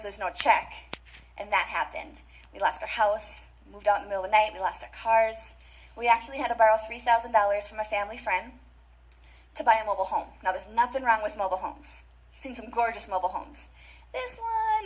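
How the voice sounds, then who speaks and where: On a conference stage, a young adult woman with a fairly high-pitched voice gives an emphatic motivational speech, repeating key phrases and addressing the audience directly. The recording is low quality.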